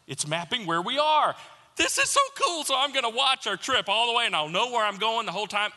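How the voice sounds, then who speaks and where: A man with a fairly high, very bright and forceful voice preaches a sermon. He tells a personal story with animated, comic mock panic, then slows into an earnest appeal. His voice rings with a long reverb, as in a large hall. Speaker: pastor.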